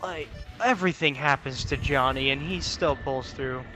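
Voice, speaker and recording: A man's voice: medium pitch, moderate pace, pushed and bright. A man casually commenting on a video game playthrough, joking and swearing freely. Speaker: gameplay commentator. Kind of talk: let's play commentary. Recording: game audio with music underneath.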